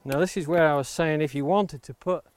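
Man, slightly higher voice, woodcarving tutorial, steady step-by-step talk, safety reminders, axe chops and clicks in the background. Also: fairly quick. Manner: steady, explains each step aloud and stresses safety. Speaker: woodcarving instructor. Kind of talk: hands-on demonstration tutorial. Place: outdoors near the coast. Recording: clear background noise of chopping and clicks.

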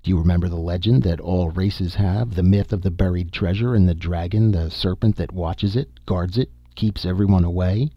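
A man's voice: sits low, moderate pace, few pauses, no echo, lo-fi sound. A man voicing a grim, commanding expedition leader. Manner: firm, commanding delivery. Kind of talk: audiobook character reading.

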